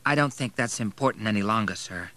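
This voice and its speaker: A man voicing a quiet, calm young man. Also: on the low side, a little fast. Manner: speaks quietly. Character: calm young male schoolboy friend.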